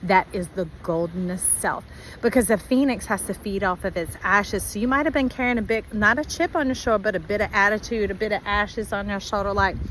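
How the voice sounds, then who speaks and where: A woman giving a spiritual tarot reading to her viewers, animated and playfully acting out their voices. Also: mid-range voice, fairly quick, slight background noise, poor audio. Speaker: tarot reader.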